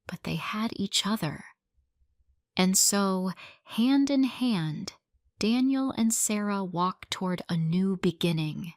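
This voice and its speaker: A woman's voice: medium pitch, expressive, dry recording, clean studio sound. A woman reading a simple love story aloud as narrator for English learners. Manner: slow, clear, simple storytelling.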